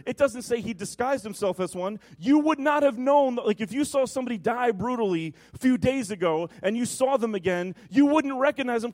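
A man preaching an Easter sermon as the pastor, talking with strong emphasis and swinging from loud to hushed. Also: extremely high pitch.

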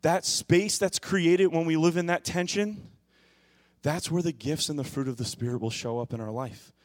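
A fairly high-voiced man preaching a sermon, one moment quiet and musing, the next loud and impassioned. His voice is recorded close and dry, with no room sound around it. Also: normal speed, no room sound. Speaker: pastor.

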